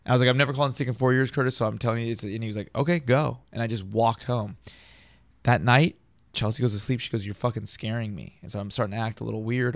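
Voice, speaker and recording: A man's voice: fairly low pitch, creaky, dry recording. A man telling a long personal story in casual, profane, rambling talk, acting out what others said.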